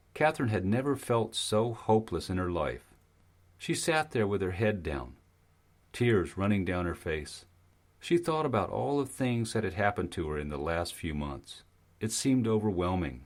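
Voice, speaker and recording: A man narrating an audiobook in a steady, even storytelling manner. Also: lowish voice. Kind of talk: scripted narration.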